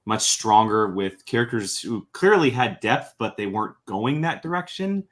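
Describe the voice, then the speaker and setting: Lower-voiced man, hesitant and earnest. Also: very animated, normal speed, fairly bright tone. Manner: hesitant, with many fillers and restarts, earnest. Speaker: podcast guest. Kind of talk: casual review chat.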